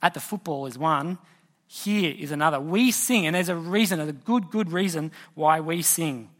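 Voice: medium pitch, normal speed. A preacher giving a sermon, telling a story and putting questions to the congregation.

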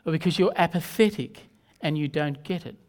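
Earnest man preaching a measured sermon. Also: a little high, a little mellow. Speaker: pastor.

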